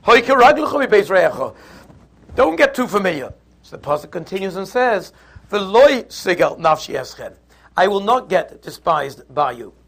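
A man teaching a Torah class, lively and conversational, who acts out little scenes in voices. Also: high voice, moderate pace, creaky. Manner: animated, acts out the quarrel in put-on voices.

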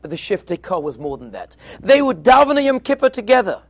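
Addressing yeshiva students, a rabbi tells stories and voices the dialogue in quotes, blending in Hebrew and Yiddish. His voice sits high and is very animated, running a little fast, with no room sound.

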